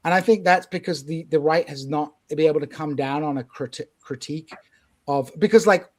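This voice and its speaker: A man hosting a casual political discussion podcast, talking in animated, opinionated bursts. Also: on the high side, fairly quick. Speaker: podcast host.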